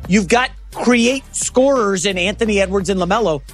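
A man's voice: high voice, normal speed, a bit bright, faint music behind. A man co-hosting a sports talk show, setting up topics in casual conversation.

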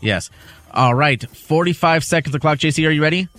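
A man co-hosts a radio quiz segment with upbeat, playful banter, his voice sitting somewhat high. Light music plays faintly under him. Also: brisk, fairly bright tone. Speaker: radio co-host. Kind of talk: sports radio quiz hosting.

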